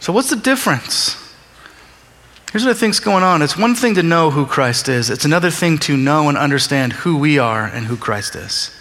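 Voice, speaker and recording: Bright-voiced pastor preaching in a reverberant hall. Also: male voice, on the high side, animated, normal speed. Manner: conversational, acts out dialogue with voices. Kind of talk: sermon. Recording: long reverb of a large hall.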